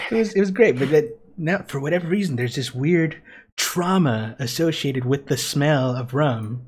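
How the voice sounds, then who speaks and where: A man's voice: on the high side, expressive, a little slow, a little mellow, slightly rough. A young man in his twenties, a podcast co-host, telling a story in casual chat, laughing often and swearing freely.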